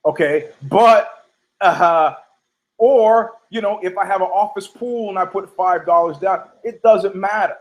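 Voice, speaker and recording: High-pitched ranting New York man. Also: low-quality recording. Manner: profane, heated, rambling with restarts. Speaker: podcast host. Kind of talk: ranting monologue.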